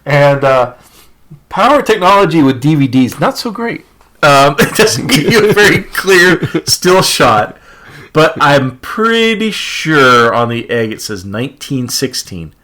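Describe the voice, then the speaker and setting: A man's voice: fairly high pitch, sing-song, unhurried, bright, forceful tone. Male co-host, casual podcast chatter, rambling delivery with frequent self-corrections and laughs. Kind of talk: casual chat.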